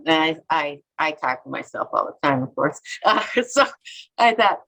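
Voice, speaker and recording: A woman's voice: deep voice, lively intonation, normal speed, a bit bright, rough recording. A middle-aged woman from Minnesota, an artist and author telling rambling stories in a casual interview and acting out quotes. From Minnesota, USA. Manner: rambling, chatty, acts out quotes and self-talk.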